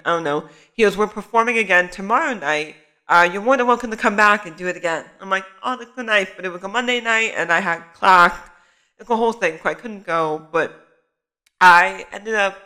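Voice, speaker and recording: A man's voice: high voice, low-quality recording. A young man, a student photographer, casually telling a story to the camera in a chatty way full of "like" fillers. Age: young adult. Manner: chatty, many "like" fillers, animated retelling.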